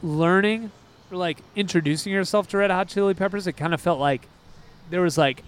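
Talking fairly quickly in a smooth, fairly high voice, a man co-hosting a music podcast keeps the chat loose and casual. Excitable and rambling, he often wanders off on tangents, then circles back.

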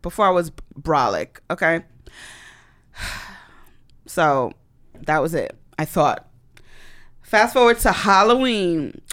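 A woman telling a personal story in a casual monologue, animated and blunt, with dramatic emphasis and swearing. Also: on the low side.

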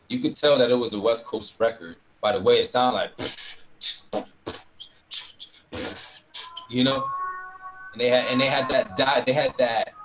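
A man's voice: mid-range voice, background noise. A man talking casually as a guest, rambling with many fillers and restarts. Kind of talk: casual chat.

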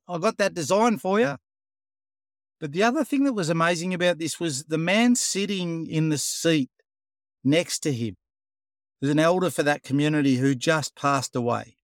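An Australian man with a slightly higher-than-usual voice tells a story in a casual interview. He speaks animatedly and acts out the conversations as he goes. The sound is close and dry. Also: dry recording. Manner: animated storyteller, acts out dialogue, says "mate". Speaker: guest, program founder.

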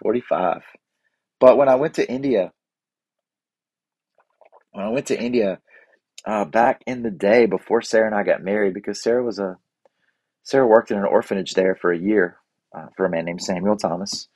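A man's voice: lowish voice, moderate pace, pauses often, darkish tone, slightly rough, no echo. A man in his forties talking in a casual, reflective way about family traditions and gratitude, rambling with fillers and restarts. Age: 40s.

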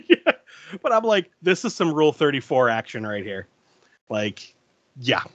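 A man's voice: medium pitch, a little slow, no echo, muffled recording. A man co-hosting a podcast, recapping a film scene by scene in casual chat and laughing often. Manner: laughs often, lively storytelling with restarts.

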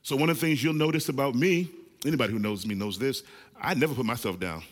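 A man in his forties preaching a lively sermon, calling on the congregation to shout responses. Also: mid-range voice, fast, in a large hall. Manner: animated, calls for congregation responses. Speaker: pastor.

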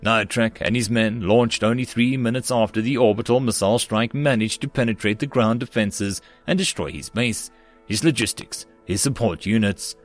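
A man reading a web novel aloud as an audiobook narrator, with steady, even storytelling. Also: on the low side, normal speed, faint music behind. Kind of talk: scripted narration.

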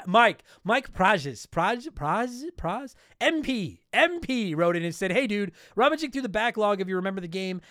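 High-voiced, smooth-sounding man hosting a podcast. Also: fairly bright tone, no echo, clean studio sound. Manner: profane, ranting bursts. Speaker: podcast host reading listener mail. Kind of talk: casual podcast talk.

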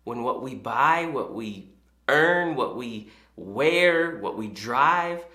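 Male pastor, sermon, chatty storytelling, lively pitch, roomy echo. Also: slow pace. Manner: conversational storytelling. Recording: echoey room.

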